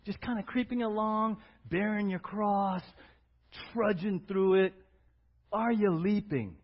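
A man preaching a sermon as pastor, conversational and animated, often asking "right?" to his congregation. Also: high-pitched, slow, slightly rough, lo-fi sound.

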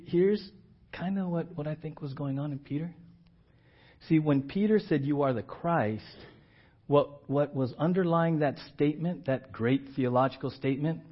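A man preaching a sermon as pastor. He acts out the scripture voices with big jumps in pitch and loudness and keeps asking his congregation "right?". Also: slightly rough. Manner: animated, acts out quoted lines with big swings in pitch and volume; asks the congregation questions and often checks in with "right?". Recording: dull lo-fi church audio.

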